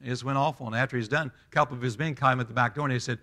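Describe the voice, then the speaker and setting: Forceful pastor preaching. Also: male voice, mid-range voice, fairly even intonation, very fast. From Southern US. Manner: emphatic, folksy, swells loud when preaching. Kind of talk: sermon.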